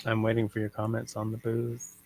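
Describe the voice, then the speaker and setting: Relaxed man reading out livestream chat. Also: fairly low pitch, fairly quick, vocal fry, a little hiss or hum. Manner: relaxed, reads viewer comments aloud.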